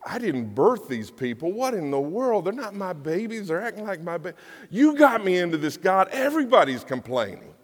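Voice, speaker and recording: A man voicing an exasperated Moses, pleading in a high, strained voice during a sermon. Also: expressive, moderate pace, hardly any pauses, exaggerated voice. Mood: frustrated. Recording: long hall reverb.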